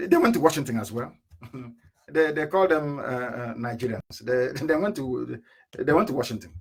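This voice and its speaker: A man giving an impassioned political radio address, with rhetorical questions and sudden bursts of shouting. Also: medium pitch, moderate pace, husky. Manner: fiery, rhetorical, mocking laughter, sudden shouts and drops. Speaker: radio broadcaster. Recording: live internet radio broadcast.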